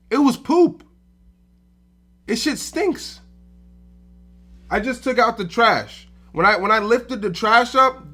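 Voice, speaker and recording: A man's voice: high-pitched, pushed and bright. A man hosting his own movie reaction channel, ranting emphatically and with profanity, asking "all right?" again and again. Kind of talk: ranting casual commentary.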